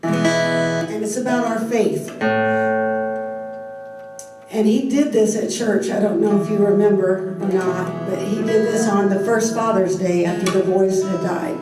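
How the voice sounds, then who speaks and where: A woman's voice: mid-range voice, steady tone, over loud music. Woman testifying in an echoey hall. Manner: heartfelt, halting with restarts. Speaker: grieving parent speaking to a church group. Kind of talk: personal testimony to an audience. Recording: echoey hall, heard from a distance.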